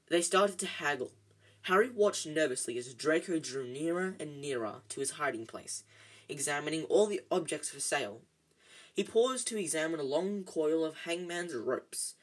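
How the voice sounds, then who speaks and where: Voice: medium pitch, fairly bright tone, poor audio. A podcast host reading a story aloud at home, talking casually with fillers and stumbles.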